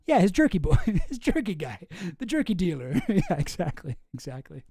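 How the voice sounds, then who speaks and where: A man's voice: high-pitched, huge pitch swings, normal speed, creaky, dark tone, breathy edge, no room sound, studio quality. A man hosting a casual commentary show, reading emails aloud with chuckling asides. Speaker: host.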